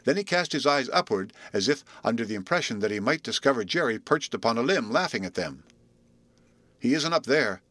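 A man narrating a storybook reading in an expressive, measured way. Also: medium pitch, no room sound.

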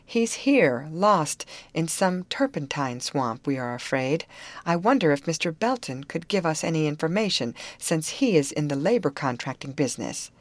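A woman's voice: deep voice, sing-song, normal speed, dry recording. A woman voicing a worried young woman searching for her lost brother. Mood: anxious.

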